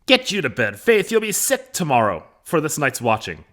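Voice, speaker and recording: A man reading the part of a bossy older female nurse who scolds loudly in a raised voice. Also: fairly high pitch, huge pitch swings, normal speed, voice pushed up. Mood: scolding. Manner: loud scolding.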